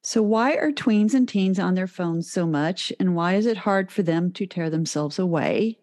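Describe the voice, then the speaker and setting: A woman hosts an interview and asks questions in quick succession. She sounds curious. Her voice is mellow and warm. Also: lowish voice.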